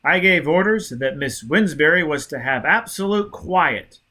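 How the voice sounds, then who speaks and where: A man reading an audiobook, voicing a sharp, commanding young male officer who snaps out curt, impatient questions. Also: fairly high pitch, expressive, a little slow, voice pushed up, exaggerated voice. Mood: sharp, demanding. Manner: snappish, curt, exasperated.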